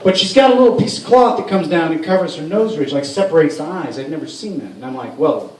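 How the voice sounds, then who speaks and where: High-voiced man doing stand-up. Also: animated, fast, a little mellow. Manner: rambling, profane, with frequent restarts. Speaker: stand-up comedian. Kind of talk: stand-up comedy set. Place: comedy club. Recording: roomy room sound from a far mic.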